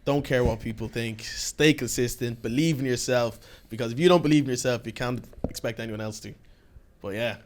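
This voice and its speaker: Um homem com sotaque irlandês, convidado de podcast, conta histórias num tom animado e descontraído, com gírias e risadas frequentes. A voz fica num registo médio e natural. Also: male voice, medium pitch, a little fast. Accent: Irish. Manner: animated storyteller, laughs often, slangy. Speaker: podcast guest. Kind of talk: casual podcast chat.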